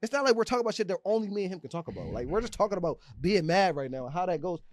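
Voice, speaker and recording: A man's voice: high-pitched, very animated, racing, no room sound, clean studio sound. A young man co-hosting a podcast, talking in heated, argumentative bursts and repeating himself to make his point. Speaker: podcast co-host. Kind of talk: casual chat.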